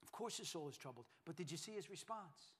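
A man with a high voice delivers a sermon. He drops to near-hushed tones, then climbs back to loud, emphatic lines, often repeating words as he builds. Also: lively intonation, fast, husky. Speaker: pastor.

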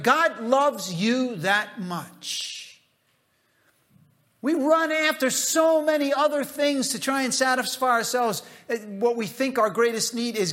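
A middle-aged American man preaches with a high, bright, ringing voice. He repeats his phrases for emphasis and swings from loud exclamations down to hushed asides. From United States. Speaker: pastor. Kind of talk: sermon.

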